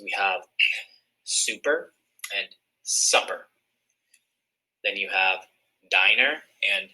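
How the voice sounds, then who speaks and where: Male teacher, low and very bright tone, clear step-by-step explainer. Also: low-quality recording. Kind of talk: recorded phonics lesson.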